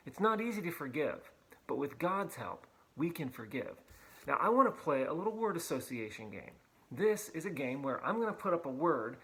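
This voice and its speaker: A man's voice: fairly high pitch, fairly bright tone, poor audio. A man, a pastor, giving a children's Bible lesson on video, upbeat and playful, with frequent fillers and emphatic repetition.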